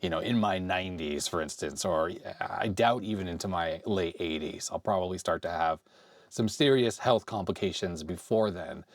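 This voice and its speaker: A man in his forties with a slightly hoarse voice from a cold, casually thinking aloud as he tinkers with retro computer hardware. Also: sits low, normal speed, dry recording. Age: 40s. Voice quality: slightly raspy. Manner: rambling, thinks aloud while handling hardware. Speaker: retro computer video host. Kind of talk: casual hands-on tech vlog. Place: home workbench.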